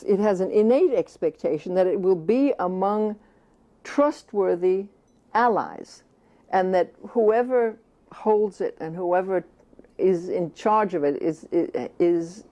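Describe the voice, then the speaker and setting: A woman with a mellow, warm voice gives an earnest interview as an author. She leans hard on key words and repeats phrases for stress, at times slipping into a baby's first-person view. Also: mid-range voice, slow pace.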